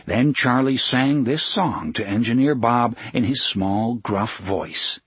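A man's voice: sits low, animated, measured pace, hardly any pauses, fairly bright tone, breathy edge, no room sound. A man reading a novel aloud as audiobook narrator, expressively voicing each character. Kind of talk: scripted narration.

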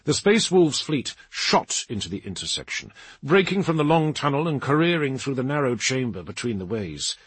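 A man narrating an action audiobook in a dramatic, lively reading. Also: mid-range voice, normal speed, slightly rough, dry recording. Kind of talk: scripted narration.

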